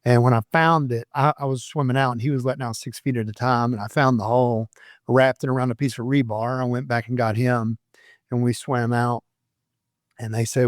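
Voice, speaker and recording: A retired sheriff's deputy from Florida, a man in his fifties, tells rambling stories in a casual interview and laughs at himself. His mid-range voice is fairly even and a little fast, captured at studio quality with no room sound.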